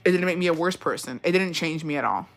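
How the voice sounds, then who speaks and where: A podcast host in a casual, animated rant, swearing constantly. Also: medium pitch, fast, creaky.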